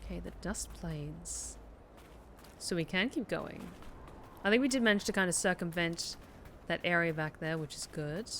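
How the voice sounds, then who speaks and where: A woman's voice: on the low side, moderate pace, fairly bright tone, slight background noise. A woman streaming a game, thinking aloud in casual, hesitant chat full of fillers. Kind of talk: casual gameplay commentary.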